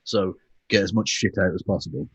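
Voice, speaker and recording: A British man co-hosting a casual political chat, sardonic and sweary, with quick asides. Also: sits low, fairly even intonation, breathy edge, no echo, lo-fi sound. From United Kingdom. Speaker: podcast co-host.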